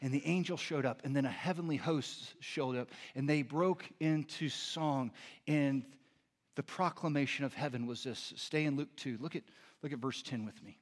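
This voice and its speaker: A man, a pastor, delivering a sermon, moving between earnest teaching and animated storytelling. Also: mid-range voice, moderate pace. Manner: animated storytelling with lively impressions.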